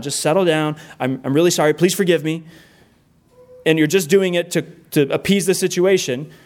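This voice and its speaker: A middle-aged man preaching a sermon in a church, earnest and emphatic, repeating key phrases and building lists. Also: a little high. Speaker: pastor. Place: church room with a congregation.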